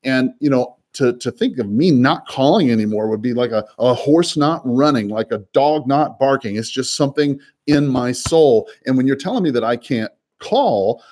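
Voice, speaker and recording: Guy broker coaching on cold calls, talks quick, repeats himself, laughs a lot. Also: medium pitch, expressive, a little mellow. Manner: fast, repeats words, laughs often. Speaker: real estate broker.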